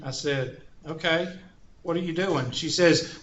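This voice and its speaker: A man's voice: on the high side, measured pace, a bit bright. A man teaching a math class, drifting into joking stories and asides. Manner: folksy, joking asides and anecdotes. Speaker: math instructor. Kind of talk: classroom lecture. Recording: roomy, dull classroom recording.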